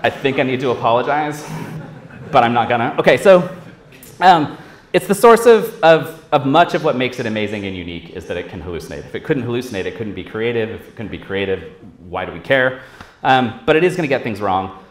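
A man's voice: mid-range voice, lively intonation, fairly quick. A man giving a casual, profane conference talk on stage, acting out quoted voices as he goes. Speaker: conference speaker. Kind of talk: live tech conference talk. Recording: roomy hall echo.

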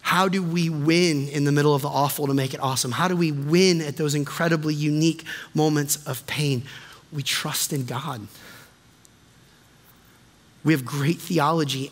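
A man preaching as pastor in a church, impassioned and then dropping soft and low to plead with the congregation. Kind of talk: sermon. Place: church sanctuary. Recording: long reverb of a church hall.

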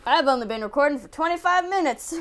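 A young woman giving casual gameplay commentary, excitable, yelping and laughing as she plays. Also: sits high, fast, faint music behind. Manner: excitable, yelps and laughs at the game. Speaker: gaming channel host.

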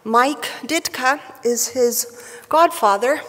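A woman giving a prepared tribute speech at a professional society event, with a wry, measured delivery, at a podium microphone in a large hall. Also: high voice, fairly bright tone. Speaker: speaker at a surgical society event. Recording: reverberant hall.

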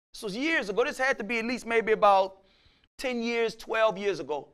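A man preaching a sermon as pastor, casual in speech, acting out his listeners' voices and swinging from quiet talk to shouts. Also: high voice, normal speed, clear, resonant tone.

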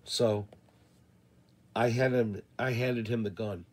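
A man reading a western novel aloud in the first person, measured and deliberate. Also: medium pitch, fairly even intonation, darkish tone. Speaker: audiobook reader. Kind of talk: first-person audiobook narration.

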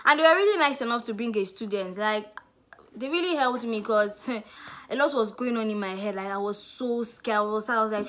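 A young Nigerian woman with a Nigerian accent telling a lively story-time vlog, acting out what people said. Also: medium pitch, brisk, slight background noise. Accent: Nigerian English. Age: young adult. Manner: animated storytelling, acts out quotes. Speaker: student vlogger.

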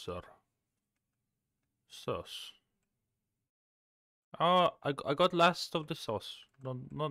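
A man streaming a cooking game, chatting casually, swearing and suddenly shouting. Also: fairly high pitch, smooth, dry recording, clean studio sound. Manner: chaotic, swears, bursts of shouting. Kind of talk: casual gameplay chat.

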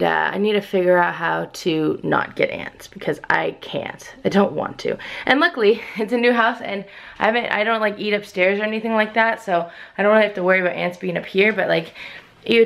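A woman's voice: on the low side, vocal fry, a bit bright. A young woman vlogging casually to camera, exasperated and repeating herself as she rants. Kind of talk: casual vlog talk to camera.

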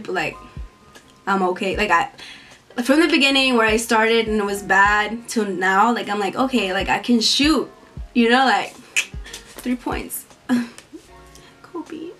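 A woman's voice: mid-range voice, a bit bright. A young woman, a college student, chatting casually in a Q&A vlog, talking a lot, filling her speech with "like", giggling and acting out the voices of people she quotes. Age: young adult. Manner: talkative, fills every phrase with "like". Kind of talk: casual Q&A chat.

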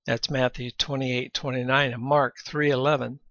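Man, Bible teaching lecture, gravelly, clears his throat, dull lo-fi sound. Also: mid-range voice, flat delivery, moderate pace, few pauses, fairly bright tone, dry recording. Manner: reads scripture aloud between explanations, often clears throat.

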